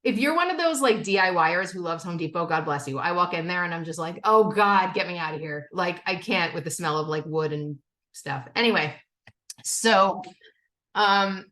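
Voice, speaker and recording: A woman's voice: on the low side, moderate pace. A middle-aged woman speaking candidly in a recovery step study. She talks casually with frequent "okay?" and "like" and swears freely. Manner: candid, animated, acts out quotes of family. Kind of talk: personal share in a recovery meeting.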